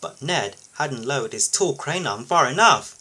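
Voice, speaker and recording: A man reading a children's picture book aloud for his video channel, expressive and lively. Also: medium pitch, normal speed, slightly rough, rough recording. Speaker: YouTube storybook reader.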